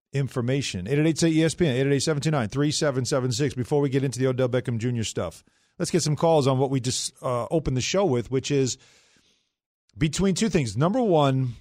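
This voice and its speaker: A man hosting a sports talk radio show, brisk and emphatic, on a studio mic. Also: medium pitch, a little mellow, no echo. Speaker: host.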